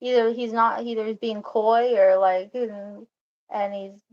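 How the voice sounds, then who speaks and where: A woman's voice: mid-range voice, flat delivery, unhurried, highs cut off. A woman telling a personal story in a meandering, self-interrupting way, often laughing and stopping to restart her sentences.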